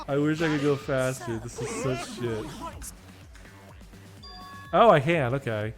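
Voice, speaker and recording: A man's voice: medium pitch, a little slow, pauses often, music in the background. Frustrated young man streaming a game. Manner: frustrated, swearing, self-mocking rants. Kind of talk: casual gaming stream commentary.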